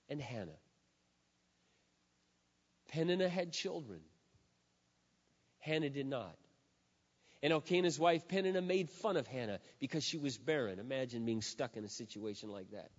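A middle-aged man preaching a sermon as a pastor, with emphatic, drawn-out stresses and swings from loud to hushed. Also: fairly high pitch. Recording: echoey hall, dull lo-fi sound.

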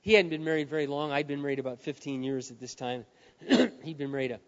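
A male pastor delivering a sermon to a live audience in a large hall. He drops to hushed lines, then builds to shouts. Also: mid-range voice, fast. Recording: dull, reverberant hall sound.

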